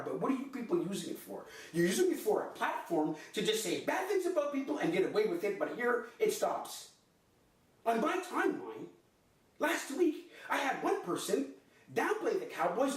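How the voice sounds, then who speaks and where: A man hosting a sports podcast, delivering an impassioned, theatrical comedic rant. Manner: impassioned and theatrical, swinging between low growls and high outbursts. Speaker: podcast host. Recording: echoey room, far from the mic.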